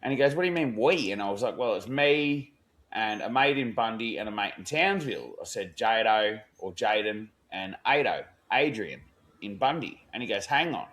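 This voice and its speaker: A man's voice: lowish voice, animated, normal speed, a bit bright. An Australian man co-hosting a podcast, telling a story in a casual, swearing, slangy style and acting out the lines of the people in it. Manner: swearing, slangy yarn-telling, acts out quotes. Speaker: podcast co-host.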